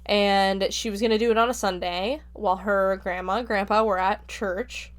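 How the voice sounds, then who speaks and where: Woman, podcast host, casual plot recap, chatty, lots of fillers, mid-pitched voice. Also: steady tone, normal speed. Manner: chatty, filler-heavy retelling. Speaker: podcast host reviewing a book. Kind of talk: casual spoken plot summary.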